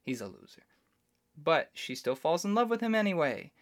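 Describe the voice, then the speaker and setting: A man's voice: on the high side, sing-song, normal speed. Chatty man hosting a solo podcast. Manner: chatty, opinionated, explains at length. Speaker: podcast host. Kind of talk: casual solo commentary.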